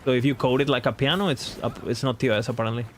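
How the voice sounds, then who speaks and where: A man's voice: mid-range voice, steady tone, very fast, a little hiss or hum. Chatty man streaming a game. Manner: rambling, chatty, laughs at himself. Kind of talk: casual live-stream chat.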